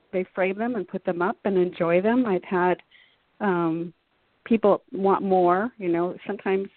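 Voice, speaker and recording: A woman's voice: medium pitch, dry recording. A woman as an interview guest, talking in an earnest, reflective, rambling way. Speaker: guest artist. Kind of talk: casual interview chat. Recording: dry tinny phone line.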